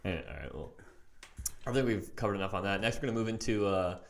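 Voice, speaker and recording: A man's voice: lowish voice, animated, gravelly. A young man co-hosting a casual podcast, swearing a lot and teasing his friends. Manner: rapid, profane, teasing, lots of "like". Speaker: podcast co-host.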